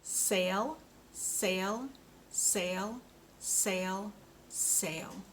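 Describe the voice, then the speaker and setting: A woman teaching a speech lesson for children, modelling each word slowly and clearly with patient coaching. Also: medium pitch, a bit bright, a little hiss or hum. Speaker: speech therapist.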